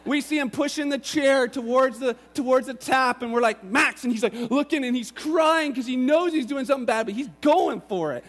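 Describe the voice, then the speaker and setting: A man in his thirties preaching a sermon, telling family stories in an animated, lively way. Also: extremely high pitch, brisk, hardly any pauses. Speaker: pastor. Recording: long reverb of a large hall.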